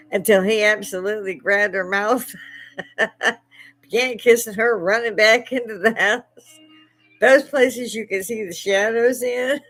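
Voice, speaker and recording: A middle-aged woman hosting a casual livestream, retelling stories with frequent laughter and acted-out quotes. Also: fairly low pitch. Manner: animated storyteller who laughs often and acts out quotes. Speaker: livestream host.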